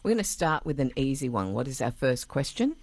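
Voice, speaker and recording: A woman's voice: rumbling low, sing-song, a little mellow, dry recording. A woman with an Australian accent hosting a local radio show, chatting casually and playfully with colleagues. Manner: chatty, playful, drawn-out filler sounds. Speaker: radio host.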